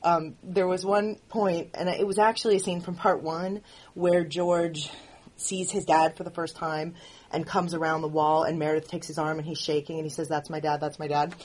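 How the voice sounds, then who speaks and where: A woman who writes and produces the show, speaking candidly in an audio commentary with earnest, halting phrasing and frequent restarts. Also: lowish voice, little pitch movement, darkish tone, a little hiss or hum.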